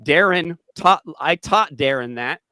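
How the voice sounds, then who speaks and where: A man's voice: on the high side, animated, measured pace, sharp tone, no room sound. A man hosting a panel chat, blunt and swearing, often stammering and restarting his sentences. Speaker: host.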